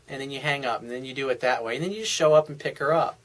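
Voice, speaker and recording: A man's voice: fairly high pitch, fast, few pauses, a bit bright. A man talking as a dating coach, giving casual advice in a blunt, frank and profane way, often restarting his sentences.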